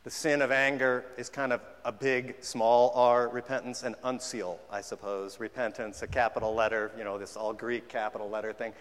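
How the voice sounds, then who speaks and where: A man's voice: lowish voice, fairly even intonation, a little fast, hardly any pauses, a bit bright. A man preaching a sermon in a conversational way, at times mimicking half-hearted apologies. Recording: long hall reverb.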